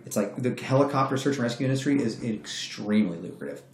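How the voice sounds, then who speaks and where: Profane, animated storytelling man. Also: medium pitch, fast talker. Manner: profane, animated, acts out quoted voices. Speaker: guest telling a story. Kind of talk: casual storytelling. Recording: roomy echo.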